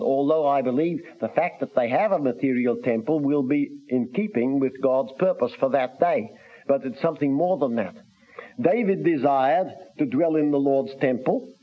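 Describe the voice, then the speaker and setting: An earnest man preaches a measured sermon, reading scripture in old-fashioned wording. His voice sits a little high. The sound is dull and lo-fi, like an old radio broadcast.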